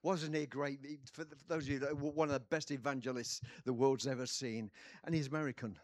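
An older man from England with an English accent, preaching a sermon with personal stories, shifting between quiet telling and loud bursts. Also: medium pitch, fairly even intonation, a little fast, dry recording, studio quality. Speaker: pastor.

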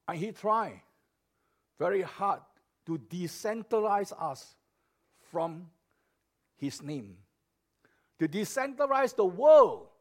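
A pastor delivers a sermon in a high-pitched male voice. He speaks slowly and deliberately, repeating his key phrases for emphasis. His delivery swings from soft, low passages to loud declarations.

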